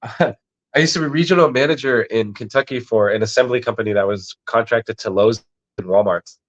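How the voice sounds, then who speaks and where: A man's voice: mid-range voice, fairly quick. A man talking casually on a podcast as a guest, telling laid-back stories full of swearing. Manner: laid-back, profane storytelling. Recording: dull lo-fi mic.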